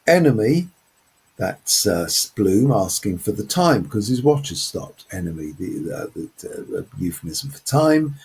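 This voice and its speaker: A man's voice: lowish voice, big pitch swings, measured pace, creaky, darkish tone, a little hiss or hum. A man presenting a close reading of a novel, talking through passages in a hesitant way with many fillers. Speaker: literature presenter. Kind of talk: unscripted close-reading commentary.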